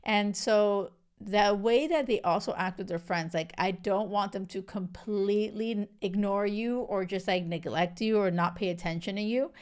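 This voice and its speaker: A woman in her thirties hosts a podcast, talking through relationship advice in a loose, chatty way. Her voice is smooth and clear at a middle pitch. She peppers her talk with "like" and "right?", and she often drops into little acted-out quotes. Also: moderate pace. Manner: chatty, animated, fillers like "like" and "right?". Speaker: podcast host. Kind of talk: casual advice monologue.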